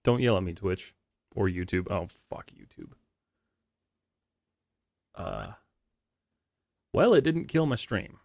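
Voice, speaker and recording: A man's voice: fairly low pitch, very animated, slow, gravelly, pauses often, a little mellow, dry recording. A man chatting casually on a live stream, rambling and joking while reading chat aloud. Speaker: livestreamer. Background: music playing on stream.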